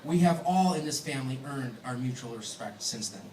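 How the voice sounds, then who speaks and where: A groom's wedding toast rings through an echoey banquet hall, full of jokes, teasing and laughs. He speaks a little fast with lively intonation in a medium-pitched, slightly mellow voice, caught by a distant mic amid background noise.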